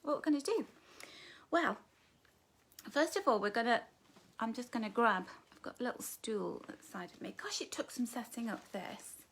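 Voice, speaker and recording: A middle-aged Northern English woman with a high voice hosts a live book launch from her living room, speaking into a phone or webcam at a moderate, animated pace. She's chatty and affectionate, greeting viewers by name with "darling" and "love" and adding giggly, self-deprecating asides.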